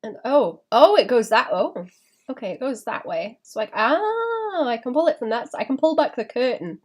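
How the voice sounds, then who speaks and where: A woman's voice: fairly high pitch, sing-song, moderate pace. A woman chatting casually while she draws on a live stream, thinking aloud with small laughs and restarts. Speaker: illustrator streaming her drawing.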